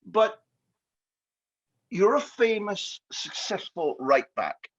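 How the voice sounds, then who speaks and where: Scottish podcast host, husky, animated and playful, slightly dull lo-fi sound. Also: male voice, sits high, slow. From Scotland. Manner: playful, jokey questioning. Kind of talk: podcast interview.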